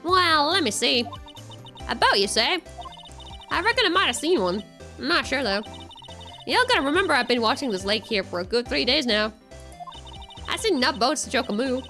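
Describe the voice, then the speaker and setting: A woman's voice: sits high, very animated, moderate pace, long pauses, pushed and bright, soft background music, full character voice. A woman voicing a cheerful young country woman photographer, with a put-on Southern American drawl and folksy, chatty manner. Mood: pondering.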